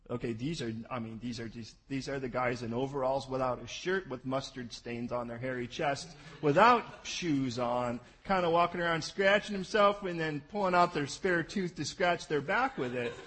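A man preaching a sermon, animated and jokey, swinging from loud bursts to low asides. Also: husky, low-quality recording. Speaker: pastor.

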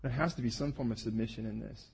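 A man preaching a sermon, telling the scripture story with animated asides and playful acted-out voices. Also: mid-range voice, quick pace, vocal fry, husky.

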